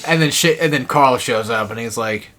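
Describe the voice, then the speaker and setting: With a sharp tone and moderate pace, a young co-op gamer chats casually during play. He's a rambling storyteller who retells cartoon scenes with frequent laughter, putting on high voices for the cartoon lines.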